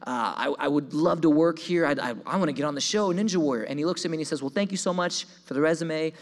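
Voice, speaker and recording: A man's voice: fairly high pitch, quick pace. A young man giving a sermon testimony, telling his story with animation and stumbling over repeated words. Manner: animated storytelling, voices his own quoted thoughts; repeats words when excited. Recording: long hall reverb.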